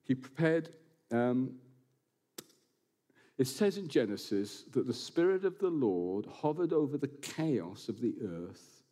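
A man preaching a sermon to his congregation in a church building, animated and quick to slip in jokes and asides. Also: medium pitch. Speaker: pastor.

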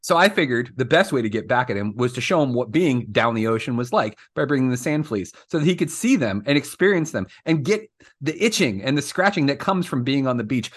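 A man's voice: mid-range voice, big pitch swings, a little fast. Male podcast co-host; comic in-character rant, mock-indignant and rambling. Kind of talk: comedic in-character banter.

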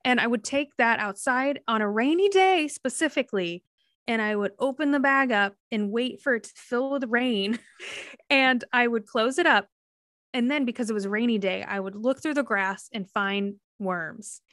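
A woman's voice: a little high, normal speed, fairly bright tone, no room sound. A woman speaks as a podcast guest, recorded close and dry with no room sound. She rambles through childhood stories with a loose, giggly delivery. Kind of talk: casual interview chat.

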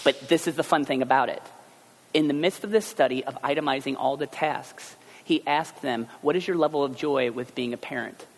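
A man preaching a sermon as pastor, telling everyday stories in a chatty, animated way. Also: mid-range voice, brisk. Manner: conversational storytelling, animated asides. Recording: long hall reverb.

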